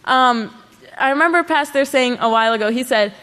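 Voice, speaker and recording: Woman, sermon, earnest rhetorical questions, slightly high voice, echoing worship hall. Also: a little fast, fairly bright tone, clean tone. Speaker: speaker at a religious service. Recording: long hall reverb.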